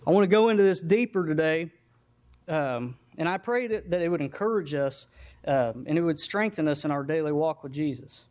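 Man preacher, fairly high voice, homespun and self-deprecating, church sermon. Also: animated, moderate pace, a little mellow. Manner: folksy, self-deprecating, earnest. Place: church sanctuary.

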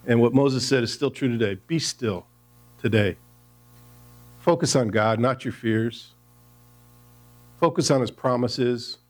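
A man preaching a Sunday sermon in a church. His mid-pitched voice stays conversational, and he often breaks off to ask the congregation questions. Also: a little slow, pauses often. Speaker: pastor.

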